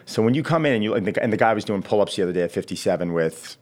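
A man with a somewhat low voice talks at a quick clip about coaching clients. He tells his stories by acting out both sides of the conversation, in an easy, casual podcast manner. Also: expressive, darkish tone. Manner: storyteller acting out quoted dialogue. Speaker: fitness coach.

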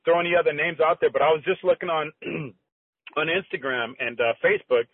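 Husky middle-aged man on a tinny call. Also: a little high, dry recording. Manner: animated, halting with restarts, acts out quoted dialogue. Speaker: guest, former competitive bodybuilder. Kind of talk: conversational storytelling. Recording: tinny phone-line audio, dry.

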